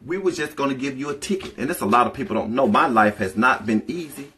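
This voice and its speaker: A woman telling a personal story in a casual vlog, animated and profane, talking straight to her viewers. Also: extremely low pitch, quick pace.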